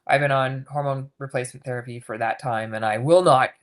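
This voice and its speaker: Woman, 50s, low voice, frank storyteller guest on a chat podcast. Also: brisk. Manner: candid, animated, swears casually. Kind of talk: casual interview storytelling.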